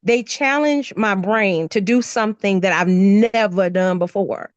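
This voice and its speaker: Animated woman guest, dry sound. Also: medium pitch, unhurried, dry recording, highs cut off. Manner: animated storyteller who acts things out. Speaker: poet and craft artist guest. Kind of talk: casual interview chat.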